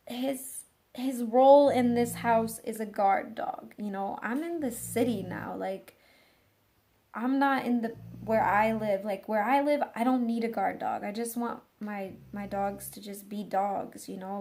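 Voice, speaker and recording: A woman's voice: mid-range voice, dark tone. A woman dog trainer casually telling a rambling story, full of fillers and restarts.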